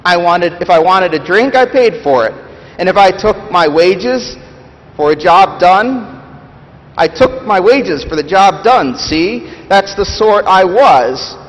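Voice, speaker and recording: A self-righteous ghost of a common working man rants, loud and raised in pitch, as a pastor reading aloud puts him on. His voice rings out high and forceful, with a long reverb trailing off the church walls. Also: expressive, takes it slowly. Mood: indignant. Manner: blustering, loud, repeats "see?" and "bloody". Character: indignant working-class male ghost, self-righteous, aggrieved. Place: church sanctuary.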